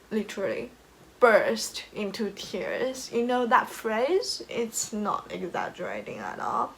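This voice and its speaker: A woman's voice: mid-range voice, creaky, fairly bright tone, slight background noise, rough recording. A young woman from China telling a personal story to the camera in a casual, emotional way, laughing often and filling with "like". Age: young adult. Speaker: vlogger.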